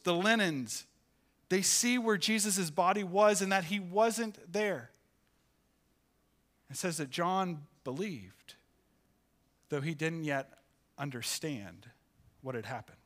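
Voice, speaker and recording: Male pastor, sermon delivery, expressive storyteller, bright tense tone. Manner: expressive, pitch rises for acted quotes. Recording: church sanctuary, live sermon.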